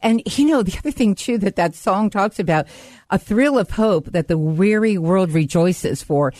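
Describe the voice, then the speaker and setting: Woman radio host, conversational, dry close sound, mid pitch. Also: animated, normal speed, darkish tone, dry recording. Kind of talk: radio interview.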